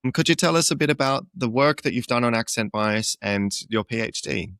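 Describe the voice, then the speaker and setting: A man's voice: medium pitch, animated, fairly quick, fairly bright tone, clean tone, no echo, clean studio sound. A man hosting a podcast interview, asking questions in a thoughtful, tentative way with frequent ums and restarts.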